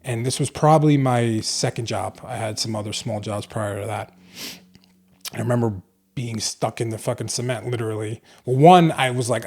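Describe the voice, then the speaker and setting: A man's voice: medium pitch, steady tone, brisk, darkish tone. Casual motivational male podcaster. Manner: earnest and motivational, swears casually. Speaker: podcast host, clinic owner. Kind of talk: casual solo podcast monologue.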